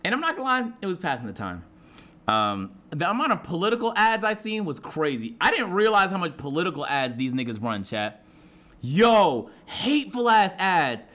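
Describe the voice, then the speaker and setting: A young man streaming live, telling a story to his chat in a profane, excitable way and acting out shouted quotes. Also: sits high, normal speed.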